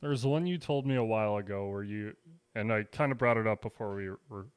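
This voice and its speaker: A man's voice: lowish voice, brisk, clear, resonant tone, no echo. A man co-hosting a podcast, chatting casually and prompting his friend with questions. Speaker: podcast co-host. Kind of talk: casual chat.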